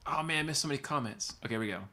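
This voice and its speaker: A man's voice: a little high, rapid-fire, sharp tone. A man, a guitar teacher, chatting casually on a livestream and reading viewer comments, rambling and laughing easily.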